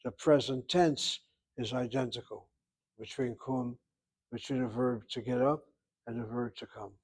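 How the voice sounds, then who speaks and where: An older man teaching a Hebrew class, explaining grammar patiently and step by step, repeating words slowly. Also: mid-range voice, steady tone, darkish tone.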